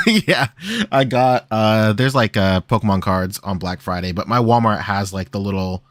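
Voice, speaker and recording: A man from the Philippines chats on a podcast and tells animated stories with frequent laughter. His voice sits low but jumps around a lot. The sound is dry and close. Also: a little slow, no echo. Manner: animated storyteller, laughs often. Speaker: podcast co-host. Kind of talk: casual chat.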